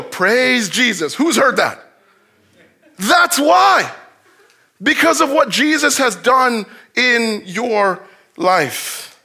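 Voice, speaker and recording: Preacher guy, really high bright voice, gets loud then goes quiet and low. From grew up in a housing complex. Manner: preaching with rising, shouted emphasis and drops to a low voice. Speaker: pastor. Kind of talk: sermon.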